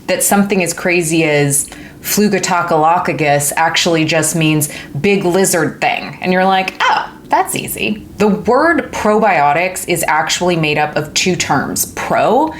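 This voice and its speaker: A woman's voice: lowish voice, unhurried, slight background noise. A woman hosting a casual science explainer video, joking and playful as she teaches. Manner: playful, jokey, animated delivery. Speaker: educational video host.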